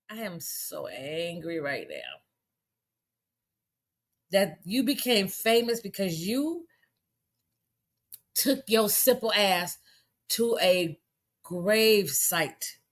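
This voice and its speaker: A woman's voice: fairly high pitch, pushed and bright. A woman delivering an angry, profane rant on a livestream, firing off rhetorical questions. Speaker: commentator. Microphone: phone.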